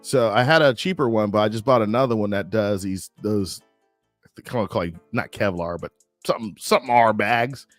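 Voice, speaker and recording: A man co-hosting a casual live-stream chat, an animated storyteller who jumps into high voices when he quotes people. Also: fairly quick, no echo, soft background music. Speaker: co-host. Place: home studio on a live stream.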